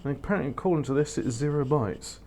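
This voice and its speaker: Talking fast in a darkish voice on the high side, a man rambles through casual let's-play commentary on a factory-building game against slight background noise. He often corrects himself and adds dry asides.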